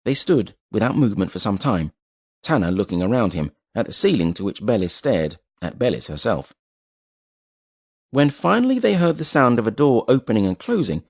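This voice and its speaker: A man reading a novel aloud in measured, dramatic storytelling narration. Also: fairly low pitch, darkish tone, no room sound, clean studio sound. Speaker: audiobook narrator. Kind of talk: scripted narration.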